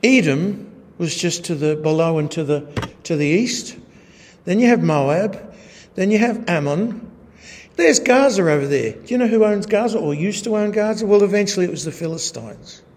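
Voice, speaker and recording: A man gives a sermon-style Bible lesson, walking through slides. His voice sits a little high, and he keeps a wry tone, tossing in rhetorical tag questions. The sound carries a long reverb, as in a large hall. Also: expressive, normal speed, darkish tone. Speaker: Bible teacher. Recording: echoey hall.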